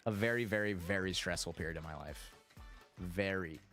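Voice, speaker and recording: A young man streaming, telling a story casually, animated and profane, his voice shooting up when excited and sinking low when he reflects. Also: moderate pace, faint music behind. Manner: animated, swearing, jumps high in pitch when excited.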